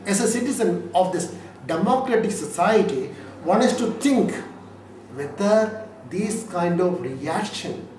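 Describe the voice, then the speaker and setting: A man's voice: high voice, darkish tone. Emphatic man in an echoey room. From India. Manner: emphatic, repetitive, rhetorical questions. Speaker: lawyer interviewee. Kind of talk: emphatic interview answers. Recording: echoey room from far off, faint noise.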